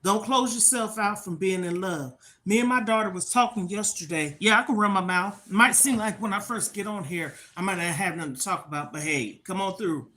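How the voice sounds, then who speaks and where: An older woman, chatting live to her viewers. She speaks frankly and a little preachily, dropping "okay?" between her points. Her pitch sits in a middle range. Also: a little fast, hardly any pauses, bright, forceful tone. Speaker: livestream host. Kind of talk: casual livestream talk to viewers.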